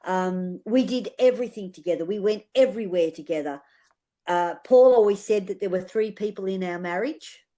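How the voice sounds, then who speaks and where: A woman's voice: medium pitch, moderate pace, mellow. Older Australian woman telling a heartfelt story. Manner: earnest, heartfelt, repeats phrases, uses fillers. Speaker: guest, aura healer. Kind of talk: personal storytelling in an interview.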